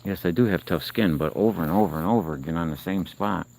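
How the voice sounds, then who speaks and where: A man's voice: low-pitched, fast, creaky, darkish tone, rough recording. A man hosting a casual live stream outdoors, chatting and coaxing and scolding animals around him. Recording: outdoor noise with crickets.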